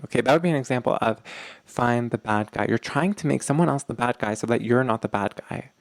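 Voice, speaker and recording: A young adult man hosting a podcast, explaining ideas to listeners in an animated way and acting out quoted arguments with loose filler words. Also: mid-range voice, fast talker, vocal fry, dry recording. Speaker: podcast host.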